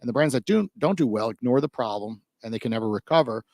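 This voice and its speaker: A man hosts a podcast interview at a rapid clip, his questions long and rambling and packed with "like" and "you know." The sound is close and dry, with no room echo. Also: mid-range voice, expressive, creaky, a little mellow. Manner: rambling, filler-heavy, full of "like" and "you know". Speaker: podcast host. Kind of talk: casual interview chat.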